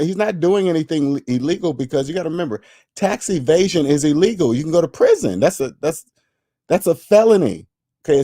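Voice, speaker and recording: A man hosts a money talk stream, hammering his points home again and again in an emphatic, lecturing way. His voice sits a bit high for a man. The sound is close and dry, with no room in it. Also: warm tone, no room sound. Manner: reads and answers viewer chat. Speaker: finance channel host. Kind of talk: casual livestream commentary.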